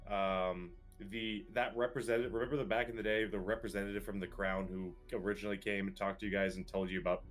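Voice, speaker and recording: A man's voice: lowish voice, fairly bright tone. A man narrating a tabletop game as game master, in a rambling, loose way.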